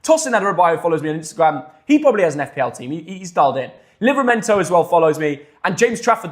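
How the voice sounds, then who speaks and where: A young man hosting a live football stream, excitable and jumping between loud hype and quick asides. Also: on the high side.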